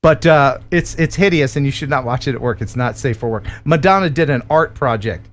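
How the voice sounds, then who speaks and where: A man's voice: medium pitch, a little fast. A man in his fifties hosting a live drone stream, joking and reading out viewer donations. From United States. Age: 50s. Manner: jokey, animated, reads out viewer donations.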